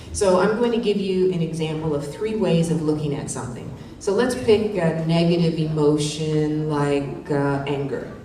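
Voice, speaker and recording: In a conference hall, a woman presents a live wellness workshop in a mellow voice on the low side, coaching attendees and adding "right?" after each point. The distant mic picks up heavy echo and faint noise.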